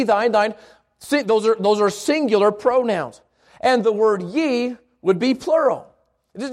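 A man with a noticeably high voice leads an informal Bible lesson in church. He talks conversationally, stumbles and restarts words, and keeps checking in with the room by asking "right?". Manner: conversational, repeats himself and asks the room "right?". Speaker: preacher teaching a Bible class.

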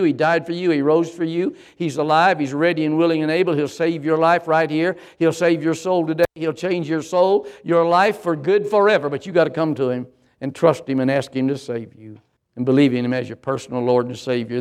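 Older preacher, emphatic cadence. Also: male voice, a little high, darkish tone. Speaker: pastor. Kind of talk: sermon.

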